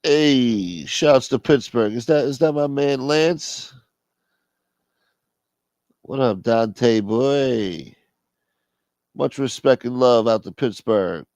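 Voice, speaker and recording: A man's voice: medium pitch, slow pace, long pauses, a little mellow, no room sound. A man hosting a late-night livestream, brash and profane as he talks straight to his chat at home. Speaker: livestream host. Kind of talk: casual chat. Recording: dull lo-fi stream audio.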